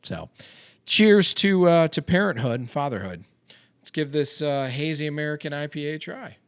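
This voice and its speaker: A man's voice: a little high, fairly quick, no echo. A man in his thirties hosting a casual podcast, a chatty, self-deprecating storyteller who uses lots of fillers. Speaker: podcast host and financial advisor. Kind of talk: casual chat over a beer.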